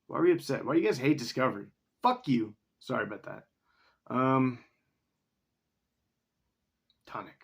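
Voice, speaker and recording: A man's voice: mid-range voice, expressive, moderate pace, gravelly, long pauses, breathy edge. A man talking casually to himself in a solo vlog, rambling as he reads definitions aloud and swears now and then. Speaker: vlogger.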